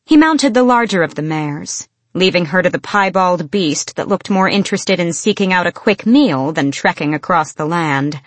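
A woman narrating an audiobook with a measured, expressive delivery. Her voice is on the low side for a woman. It is recorded close and dry, with no room sound. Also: dry recording. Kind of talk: scripted fantasy narration.

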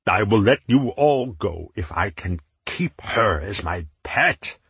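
A man's voice: lowish voice, expressive, slow, creaky, a bit bright, husky, no room sound, heavily acted. A man doing a pompous, gluttonous villain lord. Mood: menacing. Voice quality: pompous, menacing. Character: pompous gluttonous male warlord, cruel.

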